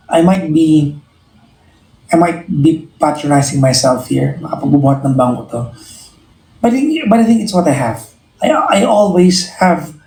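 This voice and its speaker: A man with a Filipino accent talks earnestly and reflectively to his live-stream viewers, circling back and restarting his phrases as he thinks. His voice sits a little high and mellow. The sound carries a roomy echo.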